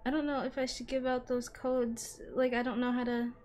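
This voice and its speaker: A woman's voice: fairly high pitch, flat delivery, moderate pace, a little mellow. A woman streaming a game, chatting casually, thinking aloud as she plays and laughing often. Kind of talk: casual gameplay chat.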